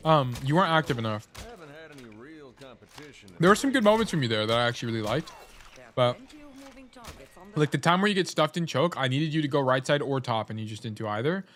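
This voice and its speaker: Male game coach, mid-pitch, casual and blunt, swears a lot, talks while snacking. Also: expressive, brisk, long pauses, a bit bright. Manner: blunt, swears freely, corrects himself often. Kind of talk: casual gameplay review coaching.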